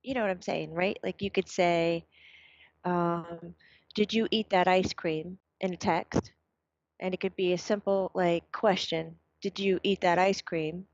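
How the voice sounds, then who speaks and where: A woman talking casually, passing on her son's words in a chatty, animated way with plenty of fillers. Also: fairly low pitch, unhurried, no echo. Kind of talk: casual chat. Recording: dull, dry, lo-fi sound.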